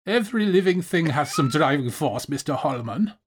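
A man's voice: on the high side, animated, normal speed, slight background noise, pitched above the performer's own voice, lightly acted. A man voicing a stern, dismissive male professor who lectures scornfully. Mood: scornful lecturing. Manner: scornful, talking down.

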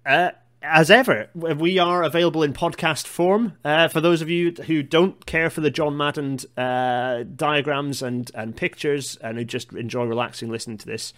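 A man's voice: a little high, normal speed, hardly any pauses, fairly bright tone. A man hosting a podcast in casual chat, rambling and digressive, with a self-deprecating manner. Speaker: podcast host.

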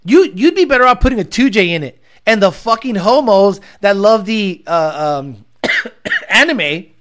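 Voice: mid-range voice, very animated, measured pace, a bit bright. A livestream host reading viewer comments and ranting about car tuning with profanity and mockery.

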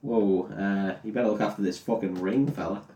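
Man doing a gruff old wizard, swears a lot, roomy sound. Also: on the low side, steady tone, fairly quick, dark tone, lightly acted. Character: grumpy old male wizard.

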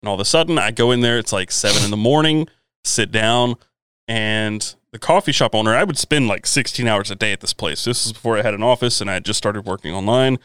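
A young man co-hosting a live stream, telling stories in a casual, animated way and swearing freely. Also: lowish voice, fast, clean tone, dry recording. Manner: animated, profane storyteller. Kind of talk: casual chat, storytelling.

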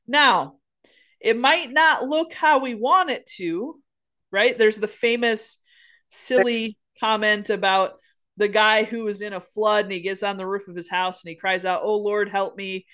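A woman's voice: medium pitch, measured pace, fairly bright tone. Earnest woman podcast co-host. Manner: earnest, encouraging, rambling with restarts. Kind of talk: casual faith chat.

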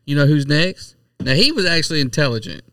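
A man's voice: fairly high pitch, expressive, brisk, a bit bright, dry recording, studio quality, recorded from a distance. A man in a heated casual argument with his partner, dismissive and needling, swearing casually.

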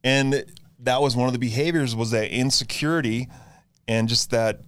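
A man's voice: medium pitch, steady tone, a bit bright, clear, resonant tone. A young man in casual conversation, talking earnestly about his recovery, often restarting his sentences. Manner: halting, many restarts, earnest. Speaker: guest sharing recovery story.

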